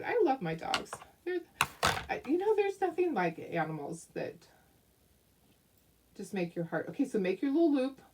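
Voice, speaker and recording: A woman's voice: medium pitch, darkish tone, recorded from a distance. A woman hosting a casual craft tutorial at home, chatty and giggly as she talks viewers through each step.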